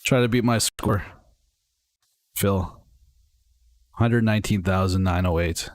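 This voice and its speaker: A man's voice: low voice, takes it slowly, no room sound. A young man casually chatting and rambling to his viewers while playing a flight game on a livestream. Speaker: streamer. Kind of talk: casual gaming livestream chat.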